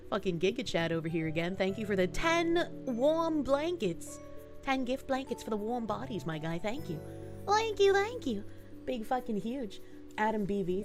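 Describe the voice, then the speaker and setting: A young adult woman live streaming and reading out chat in casual talk, swearing often and swinging between soft mumbling and loud outbursts. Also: mid-range voice.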